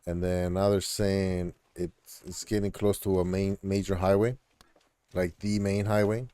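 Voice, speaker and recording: A man streaming a game chats away in a relaxed, meandering manner, stopping often for fillers. His voice sits low and sounds mellow and dark. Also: unhurried, clean tone, no room sound. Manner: rambling, laid-back, with many fillers. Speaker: live streamer. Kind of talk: casual chat while gaming.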